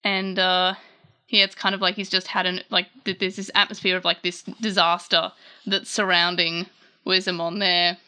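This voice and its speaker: A woman hosting a casual manga chapter recap, chatty and animated, often correcting herself mid-sentence. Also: on the low side, moderate pace, clear, resonant tone.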